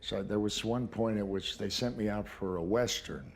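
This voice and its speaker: An older man, an actor, recounting audition stories in a dry, measured way during a casual conversation. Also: fairly low pitch, fairly even intonation.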